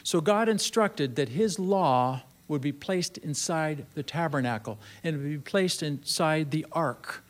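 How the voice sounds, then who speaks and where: A male preacher with a slightly higher voice than most men. He delivers his sermon earnestly, circling back to repeat phrases and drawing words out when he wants them to land. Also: measured pace, few pauses.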